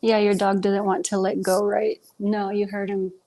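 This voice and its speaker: A woman's voice: mid-range voice, completely flat delivery, normal speed, warm tone. Rambling woman chatting on a livestream. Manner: chatty, rambling, many ums. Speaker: livestream host. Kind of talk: casual livestream chat. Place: at home with pets.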